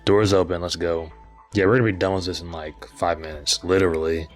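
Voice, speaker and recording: A man's voice: sits low, fairly even intonation, brisk, over music. A young man casually commenting on his game as he plays, laid-back and slangy. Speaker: gaming channel host.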